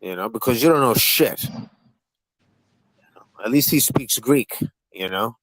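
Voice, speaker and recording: A man's voice: mid-range voice, lively intonation, a little slow, fairly bright tone, no room sound, poor audio. A man hosting a heated livestream panel, swearing freely and needling his guests in a combative, mocking tone. His voice sits in an ordinary middle register and is recorded close and dry, with no room sound around it. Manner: profane, taunting and combative.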